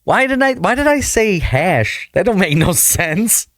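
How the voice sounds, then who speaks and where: A man's voice: sits high, big pitch swings, measured pace. An American man hosting a casual reaction video, chatty and poking fun at himself as he tries out unfamiliar slang. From United States. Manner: chatty, self-deprecating, trying out slang.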